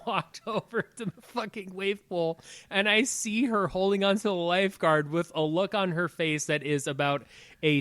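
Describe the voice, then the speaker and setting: A man in his thirties, a podcast co-host, telling a story in animated, casual chat with a lot of swearing. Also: on the high side, no room sound.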